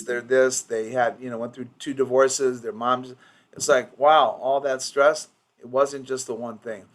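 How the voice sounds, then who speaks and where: A man's voice: mid-range voice, fairly bright tone. Rambling man coaching office staff. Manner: rambling, with many restarts and acted-out patient quotes. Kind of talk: informal training session.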